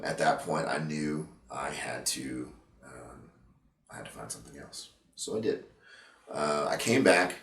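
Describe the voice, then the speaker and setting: A man being interviewed about his past, talking in a halting, reflective way with many fillers and restarts, emotional at times. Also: rumbling low, echoey room, far from the mic. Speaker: interview guest, veteran and gym owner. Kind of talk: candid interview conversation.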